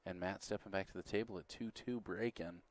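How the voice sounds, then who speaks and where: A man handles play-by-play at a pool tournament in a very deep voice. He talks at an even, steady pace and keeps explaining the bracket, the stakes and the score. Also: brisk, a crowd in the background. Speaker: pool commentator. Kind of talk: play-by-play commentary.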